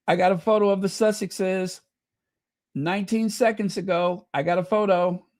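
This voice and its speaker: A man hosting a live stream, gushing excitedly to his viewers. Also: sits high, no echo, clean studio sound. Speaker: channel host.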